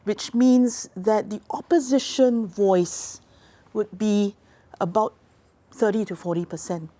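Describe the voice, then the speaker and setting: Woman, soft warm tone, formal, lays out points carefully. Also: mid-range voice, steady tone. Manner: deliberate, formal and precise. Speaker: policy research expert guest. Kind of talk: explanatory interview talk.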